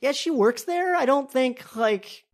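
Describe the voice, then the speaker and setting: A woman puts on a casual lab analyst with a noticeably higher voice than her own, hesitant and full of fillers. She is a laid-back tabletop game figure who rambles as she reports. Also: expressive, measured pace.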